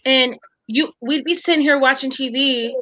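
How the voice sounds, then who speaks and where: A woman co-hosting a casual chat podcast, telling animated stories, swearing freely and acting out the people she quotes. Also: high voice, moderate pace, dry recording, poor audio. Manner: animated storyteller, swears, acts out quotes loudly. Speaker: podcast co-host.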